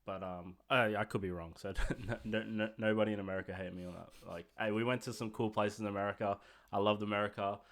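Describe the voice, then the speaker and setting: A young Australian man hosting a casual podcast chat, talkative and animated, with lots of "like" and "dude". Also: on the low side, fast talker. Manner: chatty, animated, filler-heavy with "like" and "dude". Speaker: podcast host.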